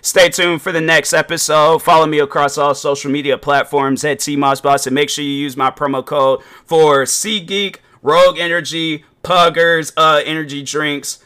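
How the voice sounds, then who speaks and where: Loud, bright-voiced man ranting. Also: a little high, normal speed, few pauses, clear, resonant tone. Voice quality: naturally loud voice. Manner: rambling, animated, with many fillers. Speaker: podcast host. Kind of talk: casual solo podcast rant.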